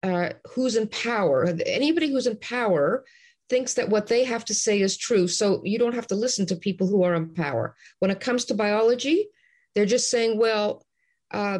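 A woman's voice: medium pitch, a little mellow. Passionate, ranting female guest. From Canada. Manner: passionate, ranting, many restarts. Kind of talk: animated interview talk.

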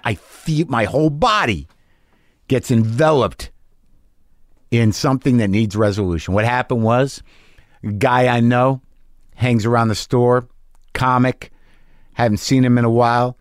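A man's voice: mid-range voice, moderate pace, no room sound, clean studio sound. A middle-aged man, a stand-up comic and host, telling a candid, profane story and acting out both sides of an argument.

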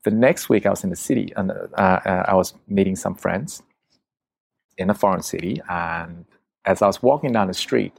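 Guy with a low gravelly voice telling a wild story, swears a lot, dry close sound. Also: moderate pace, dry recording. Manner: vivid, profane, acts out quotes. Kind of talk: casual conversational storytelling.

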